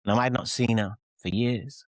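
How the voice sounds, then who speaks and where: An English pop singer and author in his forties speaks with a Mancunian accent, his mid-range voice fairly even in intonation and moderately paced, in a dry recording. As an interview guest he rambles through candid, self-mocking stories, often restarting and performing quotes.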